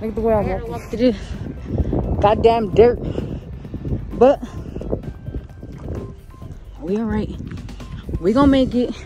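A woman's voice: on the high side, measured pace, long pauses. Woman vlogger, chatty and direct with viewers, filmed on a phone outdoors with music over it. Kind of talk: casual vlog chat. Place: outdoors walking on a windy street.

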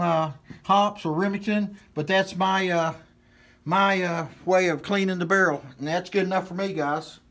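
A hunting channel host from West Virginia talks in his home-state accent, his voice sitting high. He's folksy and rambling, full of fillers, as he walks through a hands-on how-to demonstration.

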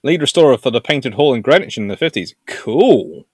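This is a man hosting a live history stream and answering his chat. His voice swings up and down, lively and playful, and it is recorded close and dry with no room sound. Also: medium pitch, moderate pace, slightly rough, dry recording. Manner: animated and jokey, puts on silly voices for nations. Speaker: naval history livestream host.

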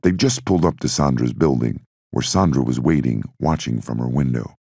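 A man reading an audiobook in a steady, measured narration. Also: extremely low pitch, creaky, husky, no room sound, clean studio sound.

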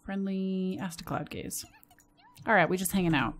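A woman's voice: medium pitch, a little hiss or hum. Chatty American woman playing a game. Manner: chatty, talks to her game characters, quick bursts of excitement. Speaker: gaming channel host. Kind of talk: casual let's-play commentary.

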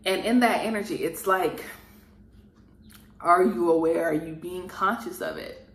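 A woman's voice: fairly low pitch, unhurried, echoey room. A woman speaking as a spiritual channeler in an earnest, repetitive monologue that rambles and is full of fillers.

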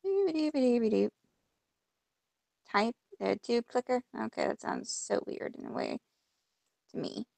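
A woman's voice: a little high, very animated, unhurried, creaky, long pauses, a little mellow, dry recording. A woman playing a point-and-click game, reading the on-screen text aloud and reacting with mock frustration as she goes. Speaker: gamer. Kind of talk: casual let's-play commentary.

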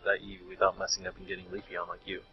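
A man's voice: sits low, monotone, racing. A young man streaming a handheld game, chatting casually with a friend and reading menus aloud. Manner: chatty, reads menu text aloud, laughs often. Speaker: let's-play streamer. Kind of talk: casual gameplay commentary. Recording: lo-fi stream audio with faint game music.

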